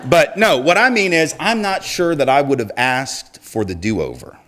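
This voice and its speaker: A man's voice: a little high, expressive, normal speed, bright, forceful tone. Conversational man telling a story. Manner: conversational storyteller, acts out quoted voices. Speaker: speaker. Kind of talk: public speech with a personal story.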